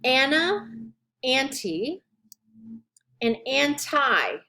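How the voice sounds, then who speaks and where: Woman lecturer, slow careful delivery, spells out terms one by one, slightly high voice. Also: sing-song, bright, forceful tone. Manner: slow, deliberate, drawn-out enunciation of terms. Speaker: instructor. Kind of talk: recorded lecture.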